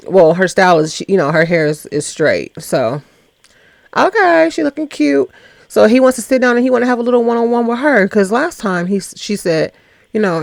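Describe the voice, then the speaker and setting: Sassy gravel-edged woman recapping a show. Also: medium pitch, dry recording, studio quality. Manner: chatty, sassy, quotes people in little voices. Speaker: reaction show host. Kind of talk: casual recap commentary.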